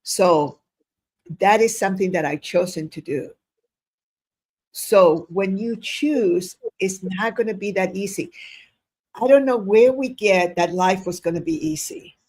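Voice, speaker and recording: A woman in her seventies speaks as an interview guest. Her voice has a gravelly edge, and she tells stories in an effusive, rambling way over a video call. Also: medium pitch, unhurried, darkish tone. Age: 70s. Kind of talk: casual interview talk.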